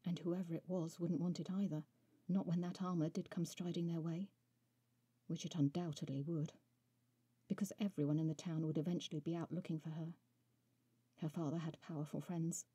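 A woman author reading her own short story aloud in a soft, measured way. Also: deep voice, steady tone, husky, dry recording. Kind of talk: storybook narration.

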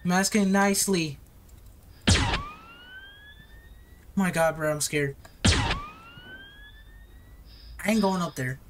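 A woman gamer talks her way through a scary game, nervous and begging in casual slang. Her voice jumps up and down, and the recording carries a clear layer of background noise. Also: lowish voice, lively intonation, slow, pauses often. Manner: nervous, pleading, slangy running talk. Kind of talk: horror game commentary. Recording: noisy recording.

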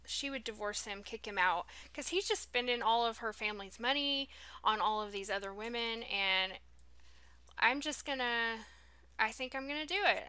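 A woman's voice: fairly high pitch, bright, forceful tone, clean tone. A woman doing casual gameplay commentary, reacting with dismay and talking to the characters on screen. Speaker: let's play host.

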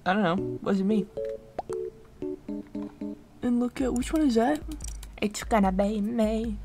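Young female streamer, excitable chatter over clear background music, unhurried delivery. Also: on the high side. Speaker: gaming streamer. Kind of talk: casual gameplay commentary. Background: game music.

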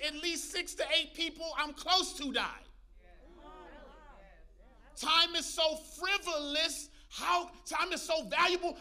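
A man preaching a lively sermon as pastor, calling out to the congregation and joking between points. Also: extremely high pitch. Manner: preachy call-and-response with congregation, humorous asides. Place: church.

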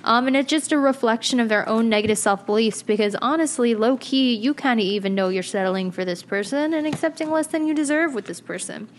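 A woman's voice: fairly high pitch, a little fast, hardly any pauses. Chatty slangy woman tarot reader. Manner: chatty and slangy, blunt, with swearing and laughter. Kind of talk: casual pick-a-card tarot reading.

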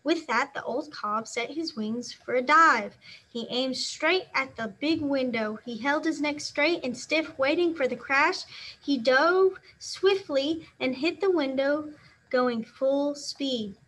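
A woman teacher reads a children's novel aloud with an expressive delivery, acting out the sound words. Her voice is high and bright. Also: slow pace.

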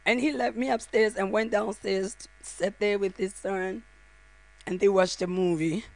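A woman's voice: medium pitch, steady tone, normal speed, a little mellow. A middle-aged woman, a grieving mother, delivering a heartfelt funeral eulogy in short, broken phrases. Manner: heartfelt, speaks directly to the mourners.

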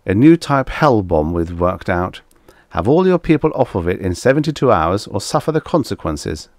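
A man voicing an unflappable male diplomat who speaks blandly and calmly in a storybook reading. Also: on the low side, normal speed, dry recording. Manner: bland, calm, dry.

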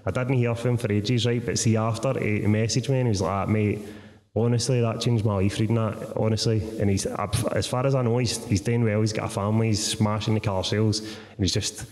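A Scottish man with a fairly low voice tells sweary, animated stories and keeps checking in with "right?" He is speaking on a theatre stage, and the sound carries the long reverb of the hall. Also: fairly quick. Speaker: guest author. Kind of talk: live podcast conversation on stage. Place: theatre stage before a live audience.

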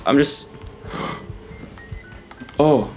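A man's voice: drawn-out words, soft background music. A young British man commentating a horror game for viewers, jumpy and yelping when scared. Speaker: gaming YouTuber. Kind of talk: let's play commentary.

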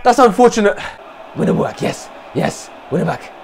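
A young man commentating on his own football video game, shouting, swearing and groaning at his players. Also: high-pitched, animated, moderate pace, creaky. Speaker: gaming streamer. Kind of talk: excited live gameplay commentary.

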